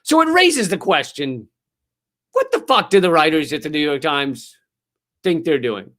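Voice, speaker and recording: A male comedy host ranting with biting sarcasm and plenty of profanity. His voice sits a little high for a man and jumps between loud outbursts and muttered asides. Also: sing-song, normal speed. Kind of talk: scripted comedic rant.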